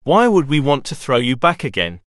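A man's voice: mid-range voice, very animated, moderate pace, a bit bright, smooth, no room sound, clean studio sound. A man voicing a sniffly, snappish male pirate rat with a pencil leg in a storybook.

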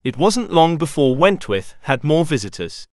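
A man reading a children's storybook aloud in an expressive way. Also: fairly high pitch, moderate pace, dry recording, studio quality. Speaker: narrator. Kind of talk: storybook narration.

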